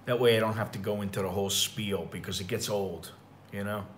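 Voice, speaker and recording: A man's voice: lowish voice, fairly even intonation, a little fast, a little hiss or hum. An American man telling rambling, profane stories in a casual livestream chat. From United States. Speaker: expat vlogger.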